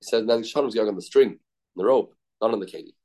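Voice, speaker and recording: This Talmud teacher races along in a fairly low, mellow voice during his casual class. He restarts sentences often, repeats terms, and switches in Hebrew and Yiddish words.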